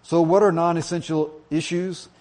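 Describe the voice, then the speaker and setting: A man's voice: a little high, flat delivery, moderate pace, a little mellow. A man preaching as a pastor in a church, telling an old joke in a folksy, self-deprecating way with many fillers. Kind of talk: sermon with a told joke.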